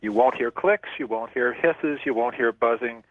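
A man speaking as a guest expert on a radio show, explaining in a measured way and often stumbling over his first words. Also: mid-range voice, dry recording. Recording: phone line.

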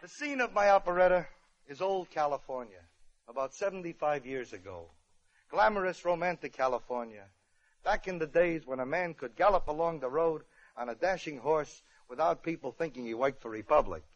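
High-voiced man telling a comic tale. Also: moderate pace, slight background noise. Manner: wry, deadpan asides. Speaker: comedian host. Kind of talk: comic storytelling monologue. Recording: muffled old radio broadcast with band music.

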